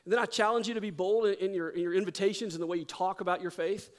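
A middle-aged pastor's sermon storytelling is animated, then drops to a hushed, intense register. He speaks in a high voice at a racing pace.

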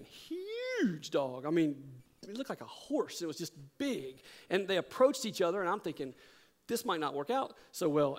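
A middle-aged male pastor preaching a sermon, telling a story with animated delivery that drops to hushed intensity. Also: fairly high pitch.

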